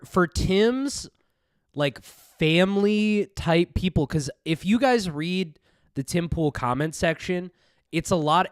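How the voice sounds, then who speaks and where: A man's voice: fairly high pitch, clear, resonant tone, no room sound, clean studio sound. A man giving casual, profane and sarcastic commentary over a clip he is playing. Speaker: commentary streamer.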